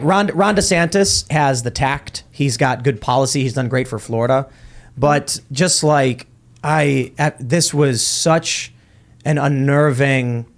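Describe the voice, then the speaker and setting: Podcast host guy rambling, keeps restarting, average voice. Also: mid-range voice. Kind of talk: panel show discussion.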